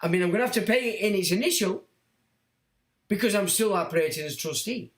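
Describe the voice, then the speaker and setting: A man's voice: high-pitched, fast talker, reverberant. A middle-aged man hosts a casual livestream and answers chat comments bluntly, sometimes mocking complainers in put-on voices. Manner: blunt, animated, mocks whiners in put-on voices.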